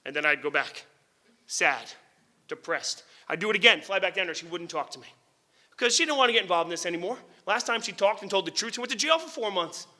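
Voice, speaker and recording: Bright, high-voiced candid lawyer storyteller. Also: male voice, fast. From New Jersey. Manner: animated, candid, swears casually, chuckles at his own remarks. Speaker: lawyer and author giving a book talk. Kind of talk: public lecture storytelling.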